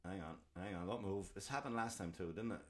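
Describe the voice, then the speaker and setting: A man's voice: deep voice, fairly quick. Profane rambling man ranting. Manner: profane, rambling, animated storytelling. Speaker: comedy podcast host. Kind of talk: ranting comedic monologue.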